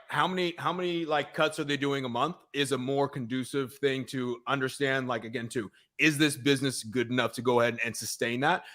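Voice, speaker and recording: A man's voice: medium pitch, fairly bright tone. A man in a heated business conversation, blunt and profane, repeating his points with emphasis. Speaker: barbershop business coach. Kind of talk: blunt debate-style conversation.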